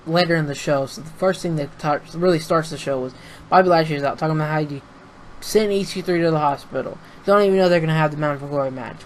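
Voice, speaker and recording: Speaking straight into his webcam, an excitable young man gives a loose, rambling face-cam recap of a wrestling show. His voice is on the high side, he swears freely and bursts out laughing as he retells it, and the low-quality recording carries a faint hiss beneath him.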